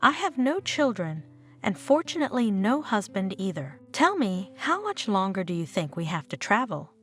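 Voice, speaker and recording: A woman's voice: mid-range voice, very animated, moderate pace, faint music behind, close to an everyday voice. A woman reading the lines of an irritable, short-tempered foreign woman tourist in a storybook narration. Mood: exasperated.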